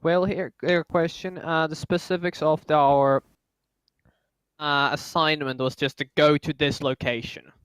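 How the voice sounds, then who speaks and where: Male tabletop player, crisp voice, dry mic, wry humour. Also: fairly high pitch, flat delivery, unhurried, fairly bright tone, no room sound. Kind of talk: casual game chat.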